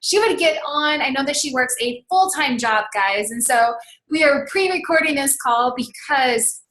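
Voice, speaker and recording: A woman's voice: sits high, a little slow, a bit bright. A woman hosting a webinar, introducing a guest in an upbeat, enthusiastic way with frequent fillers. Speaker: webinar host. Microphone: call recording.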